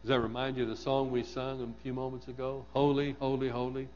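A man's voice: medium pitch, little pitch movement, fairly quick, a little mellow, long reverb tail, muffled recording, slight background noise. A man preaching a sermon, asking his congregation questions and repeating words for emphasis.

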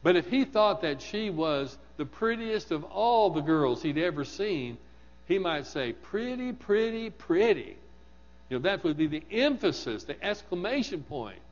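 A man's voice: fairly high pitch, big pitch swings, normal speed, in a large hall, dull audio. A man preaching a sermon, asking his congregation questions and repeating words for emphasis.

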